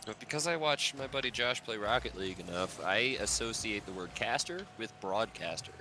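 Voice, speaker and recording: A chatty man streams a game from his home PC, rambling in a playful way with his teammates. His pitch swings a lot as he talks, and light hiss sits behind his voice. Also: expressive, normal speed. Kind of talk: casual gaming chat.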